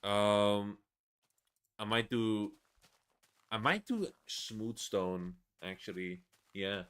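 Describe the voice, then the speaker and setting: A man's voice: on the low side, lively intonation, very slow, a bit bright, clear, resonant tone. A man in his twenties giving casual, rambling gameplay commentary, swearing a lot and laughing between rants. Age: 20s. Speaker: gaming video creator.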